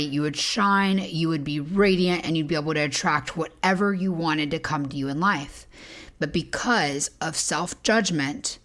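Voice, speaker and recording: Woman podcast host, deep husky morning voice, soft reflective delivery with breathy near-whispers. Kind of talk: reflective motivational podcast talk.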